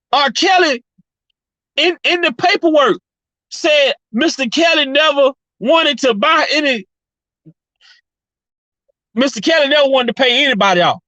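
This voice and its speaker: A woman's voice: high-pitched, expressive, measured pace, long pauses, pushed and bright, no room sound, highs cut off. A woman vlogger delivering a heated, profane opinion rant, repeating her points with fired-up energy. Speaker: commentary vlogger.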